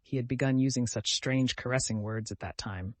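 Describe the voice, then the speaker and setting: A man reading a classic novel aloud as audiobook narrator, measured and gentle. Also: medium pitch, no room sound.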